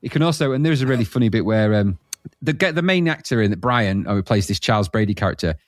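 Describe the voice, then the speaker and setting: A man's voice: lowish voice, expressive, fast talker, dry recording, studio quality. Blunt, laughing podcast man. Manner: blunt, laughing, acts out scenes. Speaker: podcast co-host. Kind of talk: casual retro film chat.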